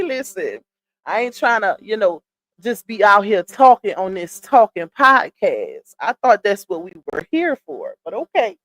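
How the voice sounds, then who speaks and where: A woman's voice: mid-range voice, very animated, a little slow. Chatty Southern woman live streamer. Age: 30s. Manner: chatty, shouts out viewers by name, reads comments aloud; laughs often, Southern slang like "child" and "y'all". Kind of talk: casual live stream chat.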